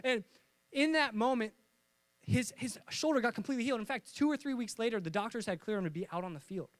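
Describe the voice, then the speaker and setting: A young pastor tells stories from the pulpit in a lively, joking way, often acting out the voices of the people in them. His voice sits high for a man. The sound is dry and close, with no room echo. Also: fast talker. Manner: lively storytelling with jokes and acted-out voices. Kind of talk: sermon.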